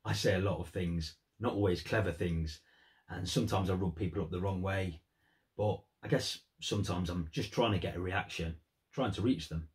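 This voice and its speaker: A man's voice: low voice, moderate pace. A man giving earnest, thoughtful commentary on song lyrics in a vlog. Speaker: music vlogger.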